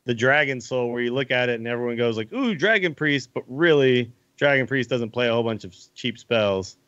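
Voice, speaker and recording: A man in casual podcast chat, eager and rambling, often chuckling between points. His voice sits at an ordinary pitch. The recording is dry and a little muffled. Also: steady tone, brisk, a bit bright, clean tone, no echo. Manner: enthusiastic, rambling with fillers and laughs. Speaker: podcast co-host. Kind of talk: casual gaming discussion.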